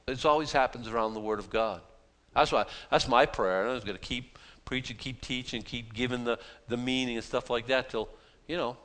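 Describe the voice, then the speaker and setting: Pastor guy preaching verse by verse, kinda high voice, acts out little prayers, stumbles and repeats himself a lot. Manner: animated, dramatizes pleas in voiced asides; frequent restarts and repeated words. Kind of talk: expository sermon.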